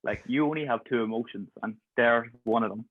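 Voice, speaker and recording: A man's voice: mid-range voice, fairly quick, no echo. A man in his twenties tells his stories in a loose, chatty way and keeps breaking into laughter. He is heard over a video call that sounds thin and phone-like. The sound is dry, with no room around it. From Ireland. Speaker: guest, pharmacist. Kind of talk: casual storytelling.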